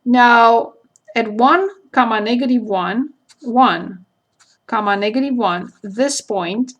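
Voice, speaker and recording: Woman, calculus lecture, slow and careful, fairly high voice, repeats each step. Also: lo-fi sound. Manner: slow, deliberate, spells out points step by step. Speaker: math teacher.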